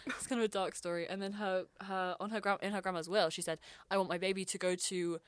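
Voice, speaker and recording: A woman's voice: mid-range voice, steady tone, fast, smooth, no room sound. A young adult woman, rambling through an improvised comic story and giggling often. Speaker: improv comedian.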